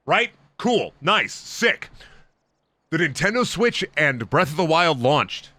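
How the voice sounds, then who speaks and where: A man's voice: on the high side, big pitch swings, measured pace, pushed and bright, no room sound. A young man streaming, ranting emphatically and swearing heavily in casual talk.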